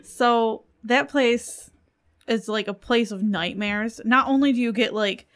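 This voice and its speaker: A woman's voice: on the high side, a little slow, fairly bright tone. A woman chatting on a podcast, speaking bluntly and emphatically with some swearing. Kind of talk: casual chat.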